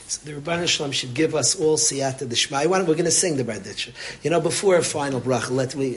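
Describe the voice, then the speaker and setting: A man's voice: medium pitch, a little hiss or hum. Impassioned man giving a heartfelt sermon. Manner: impassioned, repetitive, sprinkled with Yiddish and Hebrew terms. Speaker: religious speaker. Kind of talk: inspirational sermon.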